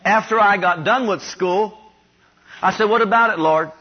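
Male preacher from Ohio, high voice, leads call-and-response declarations; dull lo-fi recording. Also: moderate pace, breathy edge. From Ohio, USA. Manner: has the congregation repeat declarations after him; rises louder and higher on repeated declarations. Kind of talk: sermon. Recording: dull lo-fi sound.

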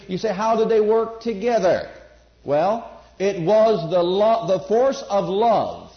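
A man's voice: sits high, animated, a little slow. A man preaching a sermon, emphatic, repeating phrases and asking his listeners questions. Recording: roomy, dull lo-fi sermon recording.

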